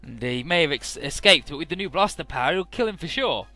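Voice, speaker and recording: A man casually recapping a game's story as he plays, who chuckles to himself and trails off into fillers. His voice is bright and a little high, with pitch that bounces all over. Faint game music plays underneath. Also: lively intonation, a little fast. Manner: rambling, laughing often, many fillers. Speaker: let's play commentator. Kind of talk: casual game playthrough narration.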